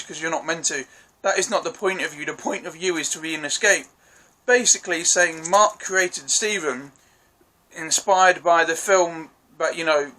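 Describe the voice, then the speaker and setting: A man talks through a TV episode in a loose, chatty review, recapping scenes and apologising as he goes. His voice is bright and forceful, and sits a little high. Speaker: TV show reviewer. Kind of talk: casual spoken review.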